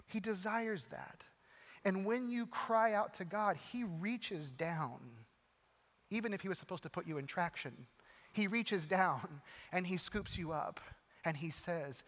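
Man, pastor, sermon, earnest, urgent then hushed, raised pitch, echoing hall. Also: measured pace. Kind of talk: sermon with personal story.

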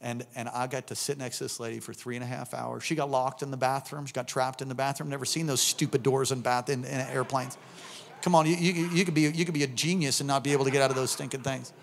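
A middle-aged man preaching a sermon, telling a story and acting out the voices in it, building up to shouts. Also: medium pitch, fast talker, creaky. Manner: animated, acts out voices in anecdotes, rising to shouts. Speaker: pastor.

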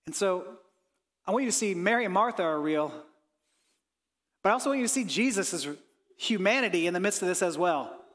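A pastor preaching a sermon with earnest feeling, dropping soft on reflective lines and rising when he voices pleading prayers. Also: sits high, expressive, fairly quick, pauses often. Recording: long hall reverb.

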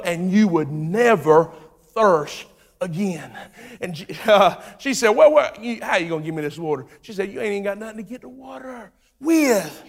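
A man's voice: sits high, expressive, moderate pace. Preaching man in a reverberant hall. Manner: builds from soft storytelling to shouted, rising preaching; acts out voices in the story. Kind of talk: sermon.

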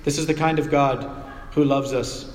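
A man giving a sermon as a pastor in a church, talking in a relaxed, conversational way with everyday examples and playful asides. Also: mid-range voice, moderate pace, slight background noise. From North America. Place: church sanctuary. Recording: echoey church hall with long reverb.

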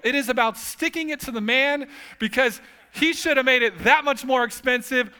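A man's voice: high voice, bright, forceful tone, clear, resonant tone. A man preaching a sermon as pastor, telling humorous stories with casual asides.

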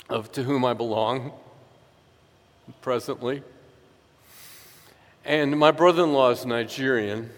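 A man preaching a sermon in an earnest, emphatic way, slowing down to stress key phrases. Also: medium pitch. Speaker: pastor. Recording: echoey hall reverb.

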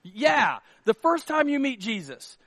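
A middle-aged male pastor delivers a sermon in an animated, joking storyteller's manner. His voice sits fairly high for a man. The sound is dry and close, with little room around it. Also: measured pace, dry recording. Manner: animated, jokey storytelling with acted asides.

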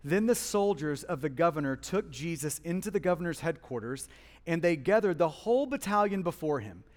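High-voiced impassioned preacher in a hall. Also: male voice. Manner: impassioned, swings from hushed to loud emphasis. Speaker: pastor. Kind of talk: sermon. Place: church hall.

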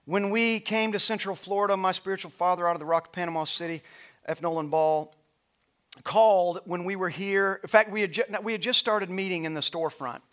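Pastor, male, middle-aged, high-pitched, preaching in a church hall; swells loud then tells stories softly. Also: fairly quick. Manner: builds to loud passionate preaching, then drops to soft storytelling. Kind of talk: sermon. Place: church auditorium with stage lights.

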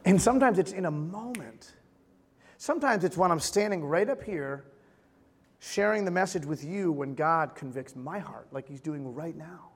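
A man preaching a sermon in church as pastor, talking in a conversational way with quick asides and acted-out quotes. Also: on the high side, husky, big-room sound. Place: church sanctuary.

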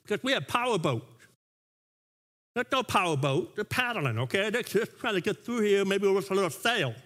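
A man preaching a sermon as pastor, animated and often restarting with repeated words. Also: high voice, moderate pace.

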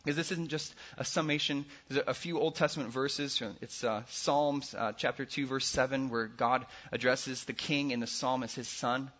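A man preaching a sermon as a pastor, earnest, with his voice swinging between loud emphasis and soft hushed passages. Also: medium pitch, steady tone, moderate pace, hardly any pauses, dull audio.

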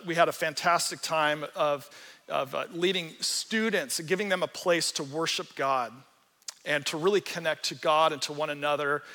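A man preaches an animated, joking sermon, acting out the people in his stories. His voice sits high and sounds bright and forceful. The sound carries the long reverb of a church hall. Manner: animated, joking, acts out quotes. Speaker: pastor. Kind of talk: sermon with storytelling.

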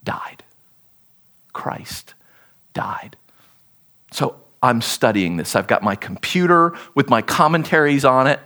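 A man preaching a sermon as pastor, with an expressive, emphatic teaching delivery. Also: medium pitch, normal speed, hardly any pauses.

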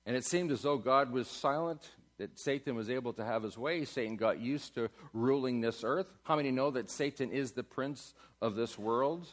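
A man preaching a sermon in a church, asking his congregation questions and building to loud climaxes. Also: medium pitch, normal speed, few pauses. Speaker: pastor. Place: church sanctuary.

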